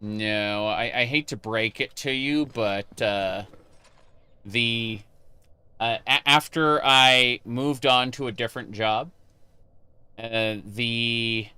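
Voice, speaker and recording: A man chats with his stream audience between moments of gameplay, answering questions as they come in. He speaks slowly with a bright, smooth, clear voice. The sound is close and dry, straight into a desk microphone. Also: mid-range voice, dry recording. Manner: rambling, answers chat questions, frequent fillers and restarts. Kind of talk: casual live-stream chat while gaming.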